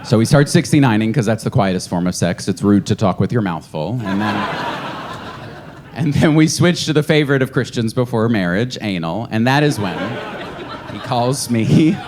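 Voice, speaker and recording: A man performing a stand-up comedy set on a club stage, telling stories and slipping into mocking voices. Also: moderate pace. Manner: lively storytelling, jumps into high mocking voices for others. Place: comedy club stage before a laughing audience. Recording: live club recording with audience noise.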